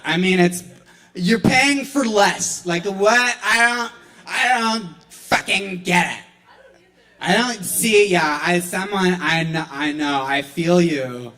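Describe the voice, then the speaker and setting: A man voicing a laid-back young surfer and skater dude who drawls slowly and gets indignant. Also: high-pitched, sharp tone, pitched above the performer's own voice, heavily acted. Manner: drawling, slow, chill then indignant.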